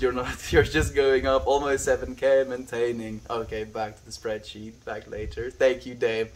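This man speaks in a mid-range voice with fairly even intonation, at a moderate pace with hardly any pauses. He's a livestreamer from South Africa, Afrikaans by first language, streaming outside in the wind, casually reading chat messages aloud and addressing everyone as his friend.

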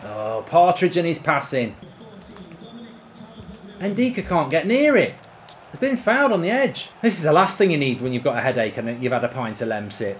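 A man streaming a football video game, reacting loudly, swearing and cheering at the play. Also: fairly high pitch, moderate pace, a little hiss or hum. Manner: excitable, swears, shouts at the game. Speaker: gaming streamer. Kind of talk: live football game commentary.

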